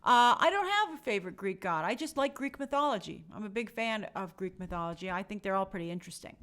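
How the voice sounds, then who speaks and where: A woman's voice: mid-range voice, lively intonation, fast talker, fairly bright tone. A young woman hosting a live stream, chatting casually and reading out viewer comments in a friendly, chatty way. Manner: chatty, friendly, reads names aloud.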